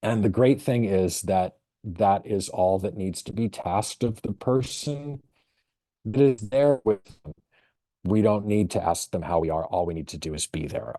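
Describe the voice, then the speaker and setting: Low, mellow-voiced man presenting a vet webinar. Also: no echo, studio quality. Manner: thoughtful, storytelling, measured pauses.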